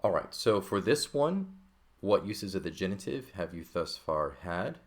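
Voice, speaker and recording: A man's voice: sits low, big pitch swings, measured pace. A man teaching a recorded textbook lesson, explaining patiently and checking in often with "okay" and "right". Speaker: Greek teacher.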